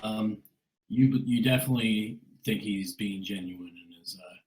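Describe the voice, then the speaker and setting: A man's voice: fairly low pitch, a little slow, a little mellow. A man narrating as game master for a tabletop game, hesitant and full of fillers. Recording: roomy echo.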